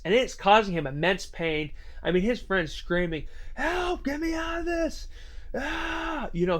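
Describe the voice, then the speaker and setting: A man telling a scary story in a casual, rambling way, full of fillers. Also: fairly high pitch. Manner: rambling, filler-heavy retelling.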